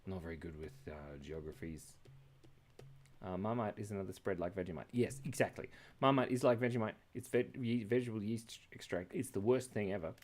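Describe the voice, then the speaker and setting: A man's voice: on the low side, fairly quick, darkish tone. A man hosting a live drawing stream, chatting casually and playfully while he sketches. He rambles, jokes with the chat and laughs often.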